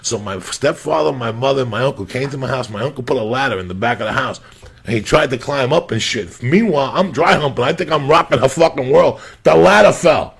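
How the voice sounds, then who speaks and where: A man's voice: mid-range voice, fast. A man telling crude stories in a casual chat, swearing constantly and acting out the voices of people he quotes. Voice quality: gravelly, husky. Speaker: comedian storyteller.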